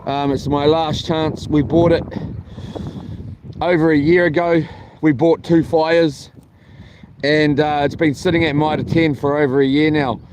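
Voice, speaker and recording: A man rambles through a casual camping-vlog story, often stopping and restarting his sentences. His voice sits a little high for a man. Faint outdoor noise runs underneath. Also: level tone, a little slow, long pauses. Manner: chatty, meandering, frequent ums and restarts. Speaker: vlogger. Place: camping, near a boat on water.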